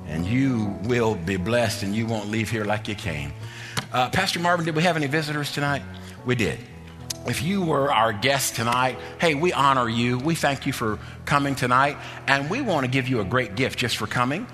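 A male preacher with a bright, ringing voice drives his points home in repeated, shouted refrains. His words hang in the long reverb of a church sanctuary. Soft music sits underneath. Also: mid-range voice, lively intonation, normal speed. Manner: emphatic, repetitive preaching cadence, often shouting. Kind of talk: sermon and altar call.

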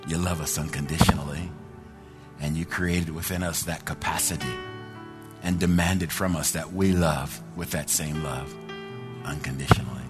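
A man's voice: extremely low pitch, steady tone, moderate pace, music in the background. A man preaching a sermon, telling a story with fervor and leading a prayer in a church. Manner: fervent storytelling, then quiet prayer. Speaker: pastor.

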